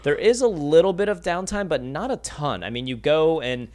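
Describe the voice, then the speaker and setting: Excitable, cursing man in casual chat. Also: on the high side, normal speed. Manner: excitable, swears, says dude a lot. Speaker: podcast co-host.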